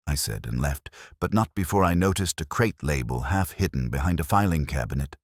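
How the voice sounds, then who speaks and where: A man's voice: extremely low pitch, expressive, a little fast, few pauses, dry recording, studio quality. A man narrating a hardboiled mystery in a wry, clipped first-person delivery.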